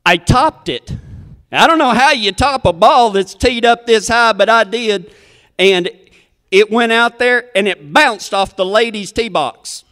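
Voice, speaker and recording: A man's voice: high-pitched, a little slow, sharp tone, big-room sound. A man telling a comic story in a folksy, rambling, self-deprecating way.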